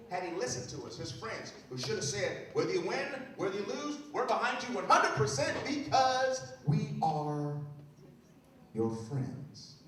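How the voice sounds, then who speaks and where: Male motivational speaker, high-pitched, storytelling with dramatic pauses, distant mic in a very echoey hall. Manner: storytelling, dramatic pauses, lively acted quotes. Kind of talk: motivational speech to students. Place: large school hall or gym. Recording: very echoey hall, far-off mic, faint noise.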